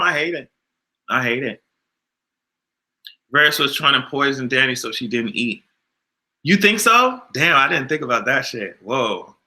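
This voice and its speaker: A man hosting a casual livestream, animated and exasperated, swearing freely and answering his chat. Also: fairly high pitch. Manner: animated, exasperated, profane, talks back to chat. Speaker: YouTube livestream host.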